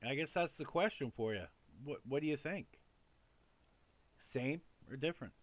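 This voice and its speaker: A man's voice: medium pitch, normal speed. A man hosting a casual news commentary show, talking in a loose, rambling way with lots of fillers and repeats.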